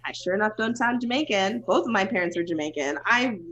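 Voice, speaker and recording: A woman's voice: mid-range voice, animated, a little fast, fairly bright tone, dull audio. An American woman from Florida in a casual panel discussion, talking emphatically and with exasperation, often repeating herself for effect. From Florida, United States.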